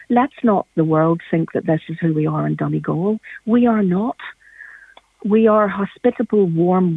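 A woman's voice: lowish voice, gravelly, slightly rough, no echo. A Northern Irish woman calling in to a radio show, speaking passionately and with emphasis. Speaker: caller. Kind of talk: radio phone-in call. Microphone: phone. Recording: tinny phone line.

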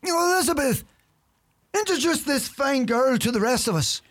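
A man's voice: very high voice, expressive, moderate pace, a bit bright. A man playing a grumbling old Irish uncle. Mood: mischievous. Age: older. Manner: dry, grumbling wisecracks. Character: grumpy old Irish uncle, lazy and sly. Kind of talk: comedy sketch acting.

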